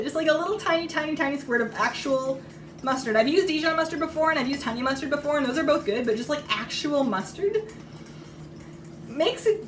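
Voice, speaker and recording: A woman with a hoarse, fading voice chats casually and rambles while she bakes on a live stream, often laughing. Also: high voice, background noise. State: hoarse, losing her voice. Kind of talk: casual chat while cooking. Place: home kitchen. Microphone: iPad microphone. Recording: roomy lo-fi tablet audio from a distance.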